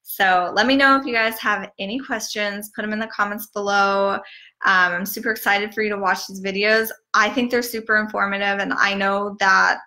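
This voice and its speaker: Chatty bright-voiced woman giving training. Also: steady tone, normal speed. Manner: chatty, peppered with "like" and "um"; mimics bubbly sales messages with big pitch jumps. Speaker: network marketing trainer. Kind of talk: casual online training talk. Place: streaming from home over the internet.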